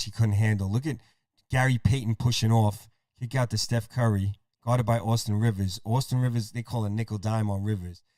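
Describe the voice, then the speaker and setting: Male podcast host, excitable play-by-play caller, dry close voice. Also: on the low side, no echo. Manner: rapid game calling, profane, excitable. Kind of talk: casual play-by-play over a game.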